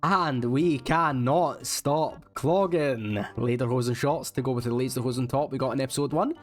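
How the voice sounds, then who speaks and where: A man's voice: medium pitch, moderate pace. Male gaming vlogger, wry self-mocking voice-over, faint music bed. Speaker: gaming YouTuber. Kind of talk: casual game commentary voice-over.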